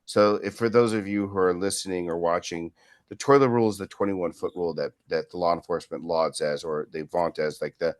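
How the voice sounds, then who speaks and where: Man in his fifties, low-pitched storytelling. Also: fairly even intonation, a little fast. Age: 50s. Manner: rambling, with frequent "right?" tag questions. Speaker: martial arts instructor as interview guest. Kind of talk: casual storytelling in an interview.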